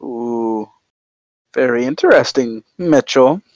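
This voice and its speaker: A man's voice: mid-range voice, slow, dry recording, highs cut off. A man playing a tabletop game, making friendly, playful remarks to the characters. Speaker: player. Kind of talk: casual chat in a tabletop game.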